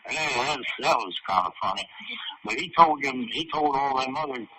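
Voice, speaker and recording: A man's voice: medium pitch, wildly swooping pitch, moderate pace, vocal fry. A man being interviewed, telling a long story in a rambling, profane way and chuckling at parts of it. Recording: distant, noisy recording.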